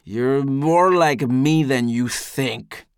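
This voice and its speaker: A man's voice: medium pitch, very slow, clear, resonant tone, no echo, studio quality. A man voicing a snarling drunken old ship leader. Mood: mocking. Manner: mocking, snarling. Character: bitter drunken older male ship leader.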